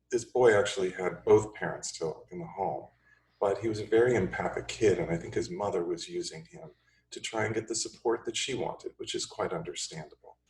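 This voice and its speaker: A man with a very low voice tells stories in a calm, measured lecture. He sits well away from the microphone. The room around him echoes. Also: a little hiss or hum. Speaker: pediatrician speaking on child grief. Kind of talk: recorded lecture. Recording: echoey room, far from mic.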